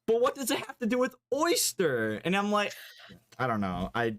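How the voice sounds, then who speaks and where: A man chatting casually as a podcast co-host. His pitch swings up and down as he rambles, swears freely and pokes fun at himself. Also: wildly swooping pitch, normal speed, a bit bright. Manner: rambling, swearing, self-mocking. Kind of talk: casual chat.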